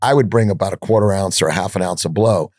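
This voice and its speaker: A man's voice: deep voice, fast talker, no echo, clean studio sound. An older man guest on a podcast, telling stories bluntly and with profanity, acting out the dialogue he quotes. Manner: animated storyteller, acts out quoted dialogue. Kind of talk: storytelling in an interview.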